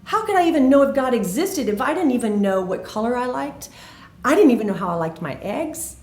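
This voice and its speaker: A woman's voice: a little high, very animated, brisk, darkish tone. A woman telling a personal faith testimony in an earnest, emphatic way, recorded in an echoey room. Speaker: faith video host.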